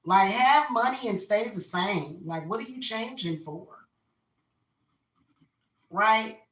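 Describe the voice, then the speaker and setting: A woman's voice: mid-range voice, animated, takes it slowly, distant mic. A woman venting her opinions in a casual rant while she carves a pumpkin. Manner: opinionated, venting, repeats herself. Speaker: spiritual reader and vlogger. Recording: roomy echo, voice off-mic.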